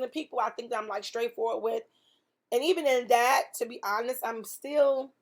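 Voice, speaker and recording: With a fairly high voice, a female podcast host tells a testimony on her faith show, earnest and emphatic, repeating herself the way a preacher does.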